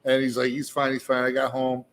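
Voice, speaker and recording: A man's voice: medium pitch, monotone, brisk. A man telling a long, profane story in casual conversation as a guest at a meadery bar.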